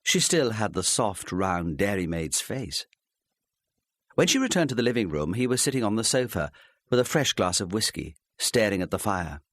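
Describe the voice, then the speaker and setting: Brief: male audiobook narrator, lowish voice, very lively intonation, dry close sound. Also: moderate pace, no room sound. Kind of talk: scripted narration.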